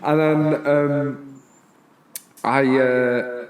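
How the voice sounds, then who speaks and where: A man on a podcast as a guest, telling a story in animated casual chat, swearing and laughing as he goes. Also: medium pitch, extremely slow, a crowd in the background.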